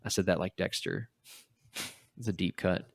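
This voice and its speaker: A man's voice: sits low, creaky, slightly rough, no echo, studio quality. A man hosting a podcast, casually retelling a comic story and acting out the characters' lines. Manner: animated, acts out quotes in quick little voices. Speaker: podcast host.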